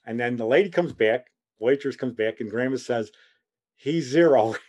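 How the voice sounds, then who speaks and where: A man's voice: medium pitch, a little fast. A man, telling family anecdotes in a rambling, chuckling way as a podcast host. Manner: rambling, chuckling, animated quoting. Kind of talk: casual anecdotal storytelling.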